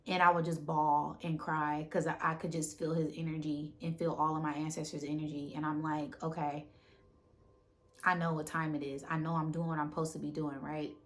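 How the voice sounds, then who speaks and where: Low-voiced woman, emotional and repetitive. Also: little pitch movement, brisk. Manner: repetitive, often tags phrases with "right?"; emotional, close to tears. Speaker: spiritual content creator. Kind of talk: casual spiritual talk to viewers.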